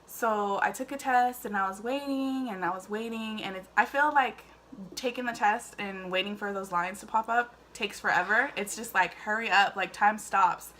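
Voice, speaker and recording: A woman's voice: mid-range voice, normal speed, sharp tone, a little hiss or hum. A woman telling her own story casually to camera, chatty and full of fillers. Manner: chatty, emotional, many fillers. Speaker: vlogger.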